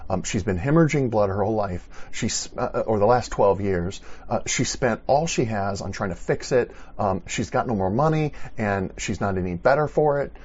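A man preaching a sermon, retelling a story with animated, restarting delivery. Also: on the low side, moderate pace, hardly any pauses, breathy edge, muffled recording. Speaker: pastor.

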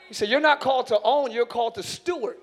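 A male pastor preaching a sermon in church, moving from loud shouted lines to quick casual asides. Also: extremely high pitch.

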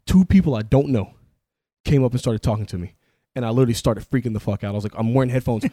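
A man's voice: mid-range voice, fast talker, warm tone, no echo, clean studio sound. A man co-hosting a casual comedy podcast, rambling in a profane, self-deprecating way. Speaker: podcast co-host.

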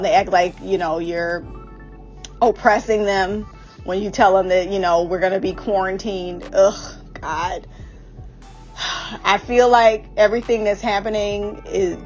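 A woman's voice: medium pitch, steady tone, unhurried, muffled recording, soft background music. A woman giving a casual, blunt and profane TV recap. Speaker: podcast host recapping a TV series.

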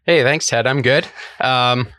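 A man's voice: medium pitch, a little slow, pushed and bright, no room sound, clean studio sound. A man on a podcast, friendly and plain-spoken. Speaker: podcast co-host. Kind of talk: casual podcast chat. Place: podcast studio.

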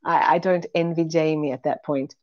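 A woman's voice: sits low, fairly even intonation, moderate pace, darkish tone. Woman doing a bible teaching, earnest, chatty storytelling, kinda dull lo-fi sound. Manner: conversational and earnest, retelling stories. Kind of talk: recorded teaching talk.

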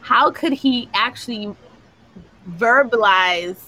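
A woman's voice: fairly high pitch, slow pace, bright, forceful tone, poor audio. A woman hosting a casual group chat among parents, telling stories and laughing often. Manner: laughs often, chatty storytelling. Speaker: parent support group host.

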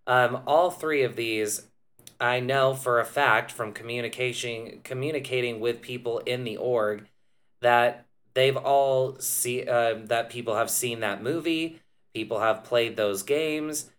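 A man hosting a casual podcast, explaining points in a measured way with frequent ums and uhs. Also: mid-range voice, fairly even intonation, fairly bright tone. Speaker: podcast host.

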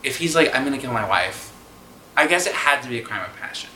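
A man's voice: medium pitch, expressive, fast talker, sharp tone, a little hiss or hum. A man co-hosting a podcast, rambling casually and thinking aloud with many restarts. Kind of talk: casual chat. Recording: echoey room.

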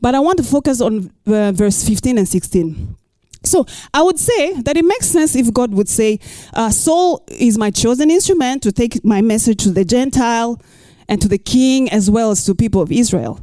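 With a voice on the high side and a normal speaking speed, a middle-aged woman pastor reads scripture and preaches expressively, using rhetorical questions and playful asides. No echo is present.

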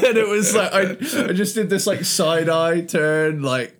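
A man's voice: on the high side, normal speed, hardly any pauses. A man with a light Cornish accent chats on a podcast about music and life. He tells rambling stories with plenty of laughs and the odd swear word. His tone is loose and easygoing. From England. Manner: laughing, swearing, tangent storytelling. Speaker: podcast co-host. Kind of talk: casual chat.

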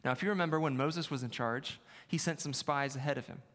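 A man preaching as pastor in a church sanctuary speaks fast, his medium-pitched voice a bit bright. He pokes fun at himself in a conversational way and returns to his key phrases, while the long reverb of a large hall lingers.

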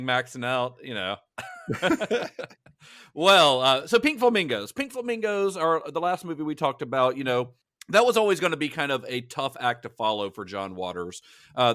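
A man's voice: mid-range voice, a bit bright, no echo, studio quality. A man co-hosting a film podcast in casual chat, laughing often and rambling loosely. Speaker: podcast co-host.

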